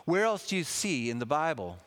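A man preaching a sermon in a lively, conversational way, with asides to the congregation. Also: on the high side, brisk. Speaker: pastor. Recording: long hall reverb.

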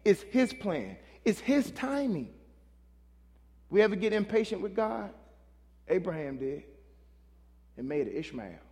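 A man preaching in a big reverberant sanctuary, his voice a touch higher than most men's. He talks loose and conversational, tossing questions out to the congregation as he goes. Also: very animated, unhurried, long pauses, darkish tone. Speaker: pastor. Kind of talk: sermon. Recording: long hall reverb.

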